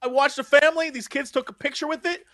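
A man co-hosting a podcast in casual chat, an animated storyteller who laughs often. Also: very high-pitched, fast talker, no room sound, clean studio sound. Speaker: podcast co-host.

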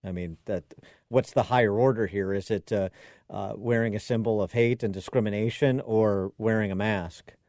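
Sarcastic talk radio host, dry studio sound. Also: male voice, lowish voice, steady tone, moderate pace, a little mellow, dry recording.

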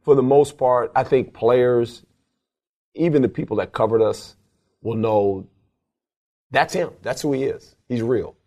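A former football coach, now older, tells stories in an interview, speaking a little slowly with frequent pauses in a mellow voice. The telling is animated and emphatic, broken up by laughter, and he acts out quotes in a raised, high voice.

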